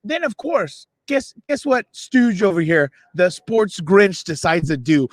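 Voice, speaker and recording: A man with a high voice tells a rambling, animated story on a sports show. He mocks himself and acts out what the others said. The sound is dry and close, with no room echo. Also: normal speed, few pauses. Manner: animated, self-mocking, voices others in quotes. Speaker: podcast co-host. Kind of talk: excited storytelling. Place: radio row event booth.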